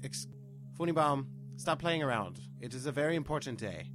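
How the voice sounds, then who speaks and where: A man's voice: medium pitch, animated, moderate pace, over music, natural voice. A man playing a fussy, flustered male space commander who stumbles over his words in a comedy audio sketch. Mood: exasperated.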